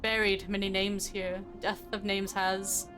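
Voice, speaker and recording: A woman's voice: medium pitch, flat delivery, a bit bright, faint music behind, natural voice. Lady doing a creepy sing-songy grave-keeper guy, choppy little phrases. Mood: eerie. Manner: halting sing-song speech. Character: eerie sing-song male name-keeper.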